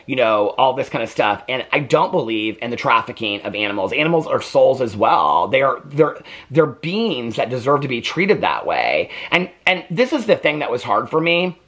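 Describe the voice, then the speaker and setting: A young man gives a casual spoken review of a TV series. He rambles and restarts his sentences, with plenty of "like" and "um". His voice sits at an ordinary middle pitch. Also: a bit bright. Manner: rambling, conversational, with many fillers and restarts. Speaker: TV review vlogger.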